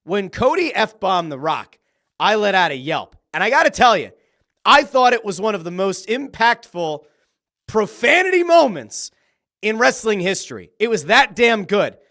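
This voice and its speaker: A man hosting a wrestling podcast in casual commentary, excitable and swearing freely, acting out his own reactions with quoted exclamations. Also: high voice, normal speed. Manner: uses profanity freely.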